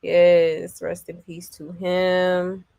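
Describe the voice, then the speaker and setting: A woman hosting a celebrity gossip livestream, chatting casually and filling pauses with "um" and "okay". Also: fairly low pitch, completely flat delivery, vocal fry, warm tone, no room sound. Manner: loose and chatty, full of "um" and "okay" check-ins; reads viewer comments aloud. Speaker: celebrity gossip show host.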